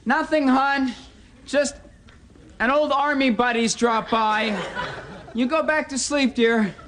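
A man's voice: extremely high pitch, slow pace, a bit bright, slight background noise, heavily acted. An actor playing a patient man humoring an unhinged friend in a comedy sketch. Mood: placating. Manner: patient, placating.

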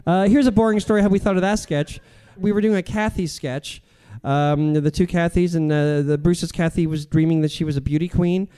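A man's voice: a little high, fairly even intonation, brisk, warm tone, smooth. A man, a comedian, rambling through self-deprecating stories in a casual interview. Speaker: comedian guest.

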